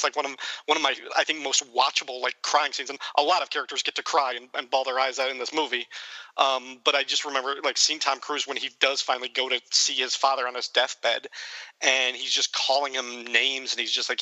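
A man co-hosting a casual film podcast. His voice is very bright and closely recorded with no room sound. He talks enthusiastically, filling his sentences with "like". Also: medium pitch, no echo, rough recording. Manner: enthusiastic, many likes. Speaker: podcast co-host.

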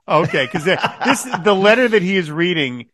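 A man's voice: high voice, lively intonation, moderate pace, a bit bright. A man hosting a podcast in casual chat, laughing often and reading out quotes. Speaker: podcast host.

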